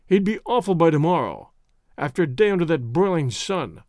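A man voicing an exhausted English gentleman castaway who speaks in an earnest, strained way. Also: a little high, big pitch swings, a little fast, dry recording, clean studio sound. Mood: urgent.

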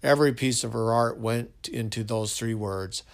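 A man narrating a sentimental story in a slow, measured reading. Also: mid-range voice, gravelly.

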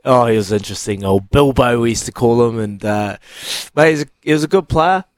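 A New Zealand man co-hosting breakfast radio in an earnest, brisk way. His middle-pitched voice sounds dry and close, with no room around it. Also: no echo. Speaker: radio co-host. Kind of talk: casual radio chat. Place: radio studio.

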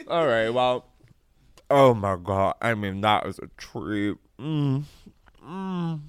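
A man hosting a podcast in casual chat, animated and chatty, swearing freely and laughing often. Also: mid-range voice, slow, smooth, no echo. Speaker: podcast host. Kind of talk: casual chat, candy taste test.

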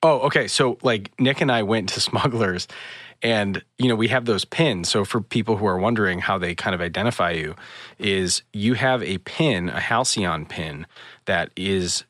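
A man on a casual podcast, telling a story with real energy. His voice sits a little low, and he jumps up high when he mimics other people. The recording is close and dry. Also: moderate pace, a bit bright, no room sound. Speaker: podcast host. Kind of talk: casual chat.

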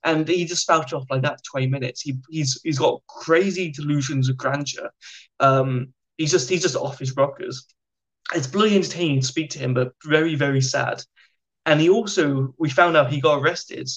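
A British man, a podcast guest, telling stories in a chatty, animated way. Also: a little high, normal speed, poor audio. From Britain. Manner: chatty, animated anecdotes with slang. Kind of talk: casual storytelling.

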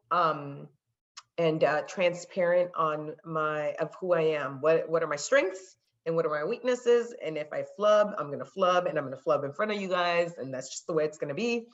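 A woman's voice: fairly low pitch, lo-fi sound. A woman guest in a casual chat, telling stories with acted-out dialogue and dropping into Spanglish. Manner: animated storyteller, slips into Spanglish; acts out quoted dialogue. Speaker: podcast guest.

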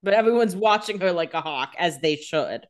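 A woman's voice: lowish voice, expressive, moderate pace. A woman co-hosting a podcast, adding joking quips to a casual recap. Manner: chimes in with joking quips and frequent laughs. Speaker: podcast co-host. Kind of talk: casual chat.

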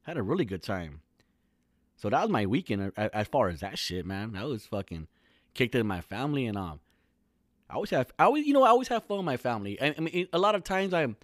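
A man's voice: medium pitch, very animated, quick pace, no echo, studio quality. A man in his thirties from California, talking alone in a casual, rambling, profane podcast monologue full of slang.

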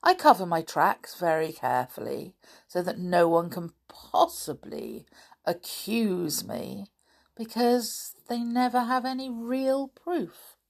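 A woman voicing a suave, scheming middle-aged male smuggler who talks softly and smoothly. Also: mid-range voice, sing-song, slow pace, pitched above the performer's own voice, exaggerated voice.

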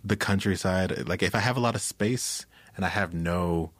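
An American man with a deep, resonant voice, chatting casually as a musician guest in an interview. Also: normal speed, dry recording. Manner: relaxed, rambling, laughs often.

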